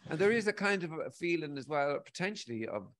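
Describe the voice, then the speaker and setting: An Irish man in his forties, speaking fairly quickly in a fairly high voice, appears as a guest in casual conversation. He is animated and rambling, swearing freely.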